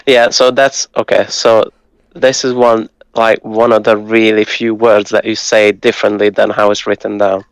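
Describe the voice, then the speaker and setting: A man who speaks Hungarian natively, patiently tutoring and breaking words down slowly, with some hesitant fillers. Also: fairly low pitch, level tone, smooth, dry recording, poor audio. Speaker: language tutor. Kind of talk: casual language lesson.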